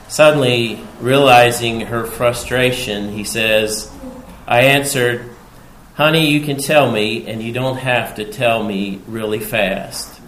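A male pastor preaching an expository sermon in a church sanctuary, speaking in measured phrases that rise loudly whenever he quotes scripture. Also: medium pitch. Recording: roomy hall sound with faint background noise.

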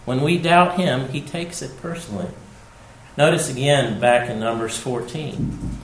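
A man preaching a sermon, repeating his key phrases for emphasis and swinging between hushed and loud delivery. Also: medium pitch, fairly even intonation, a little slow, reverberant, low-quality recording.

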